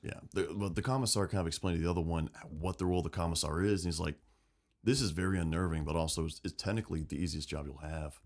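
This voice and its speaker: Male podcast co-host, very low voice, casual and profane. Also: fast. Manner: animated, swearing, acts out quotes. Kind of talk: casual lore chat.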